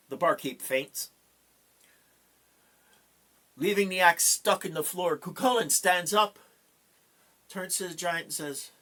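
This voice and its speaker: A man telling a folk tale aloud in an animated, dramatic way with pauses. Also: a little high. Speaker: storyteller.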